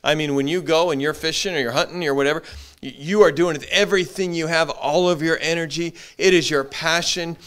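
Animated preaching man, slightly high voice. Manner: animated preaching, acts out short quoted voices, frequent repeated words. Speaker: pastor. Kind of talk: sermon.

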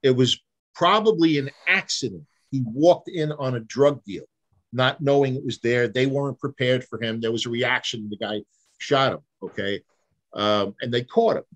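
A man, a private investigator telling vivid case stories in a casual interview, acting out the dialogue. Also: medium pitch. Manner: animated storyteller, acts out quoted dialogue, frequent restarts.

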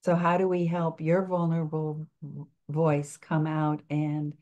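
An older woman speaking coach answering interview questions in a reflective, halting way, with frequent restarts. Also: low-pitched, monotone, warm tone, muffled recording.

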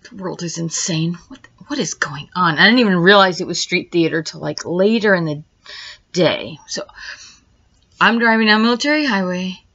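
A woman vlogger with a fairly low, slightly bright voice talks at a moderate pace. She rambles through her own experience event by event, her agitation building as she recounts it, on a dull lo-fi recording.

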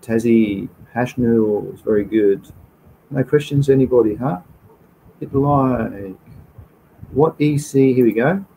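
A man's voice: medium pitch, measured pace, creaky, pauses often, dark tone, slight background noise, rough recording. A man with an Australian accent hosting a casual livestream, reading out viewer comments and answering questions in an informal, chatty way. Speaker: livestream host.

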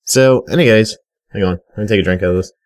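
A man's voice: on the low side, quick pace, no room sound, clean studio sound. A young man giving casual, rambling Minecraft commentary, often stuttering and talking straight to his viewers. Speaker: gaming video creator.

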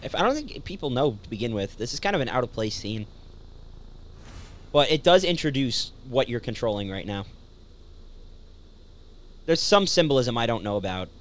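A man's voice: medium pitch, lively intonation, moderate pace, long pauses, a little hiss or hum. A man hosting a casual let's play, explaining the game to his friend in a laid-back way. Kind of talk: casual gameplay chat.

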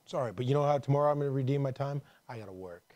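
A male pastor delivering a sermon in a casual, conversational way. His voice sits mid-range, and the recording is close and dry. He moves between hushed, low asides and loud, emphatic appeals. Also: racing, no echo. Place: church.

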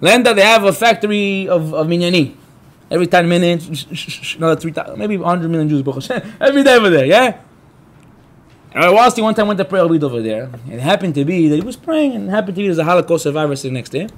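A rabbi giving a spirited Torah class, his voice pitched high for a man and swinging widely up and down. He tells stories with gusto, acts out the people in them and turns to the room with quick questions. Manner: animated storyteller, acts out quotes; talks to the room, asks the listeners. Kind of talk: Torah class talk to a live group.

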